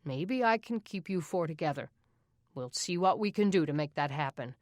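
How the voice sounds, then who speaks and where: A woman voicing a firm middle-aged male sheriff who speaks with calm, level authority. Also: deep voice, normal speed, no echo, studio quality.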